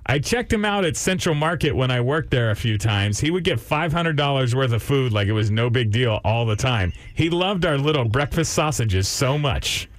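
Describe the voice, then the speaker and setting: A man talks on morning radio with a lively, swinging pitch. His voice is close and dry on a studio microphone, and he jokes his way through news bits and often trips over his own words. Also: normal speed, hardly any pauses, no room sound. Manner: animated, joking, stumbles over words. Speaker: radio show co-host. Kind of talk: casual morning radio banter.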